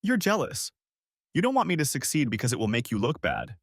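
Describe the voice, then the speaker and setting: A man's voice: mid-range voice, wildly swooping pitch, fast, vocal fry, husky, no echo, heavily acted. A man voicing a defensive married woman who stammers when nervous and snaps when angry, in a dry storybook reading. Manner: stammering, then snapping.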